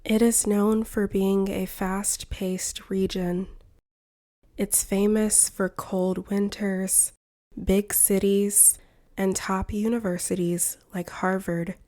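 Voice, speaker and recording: A woman from the United States reads a scripted lesson for English learners. She speaks very slowly and carefully, so every word comes through clearly. Her voice is soft and mellow, at a middle pitch. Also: level tone. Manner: clear, careful and evenly paced. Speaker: English teacher. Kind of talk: slow scripted narration for learners.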